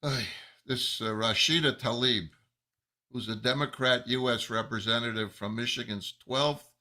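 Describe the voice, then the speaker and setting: A man giving an angry, emphatic monologue as a rabbi, slow and building to loud outbursts. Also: mid-range voice. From United States. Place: New Jersey.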